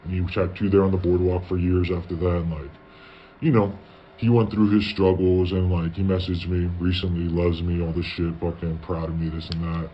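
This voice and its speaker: Male storyteller, casual and profane, keeps quoting himself; slightly low voice, muffled lo-fi recording with light hiss. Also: flat delivery, normal speed. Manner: profane, tells stories with lots of "I was like" quoting. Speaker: guest telling his story. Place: parents' garage. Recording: dull lo-fi audio with faint background noise.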